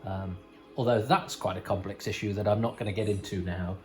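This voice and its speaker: A man's voice: fairly low pitch, steady tone, fairly quick, a little mellow, faint music behind, low-quality recording. A man hosting a podcast, giving casual, rambling commentary over a TV episode with wry asides and frequent self-corrections. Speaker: podcast host.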